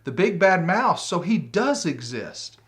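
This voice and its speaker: A man reading a picture book aloud, voicing a bold young girl gruffalo who exclaims in a loud sing-song chant. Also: sits high, big pitch swings, unhurried, voice pushed up, heavily acted. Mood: defiant. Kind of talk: storybook read-aloud.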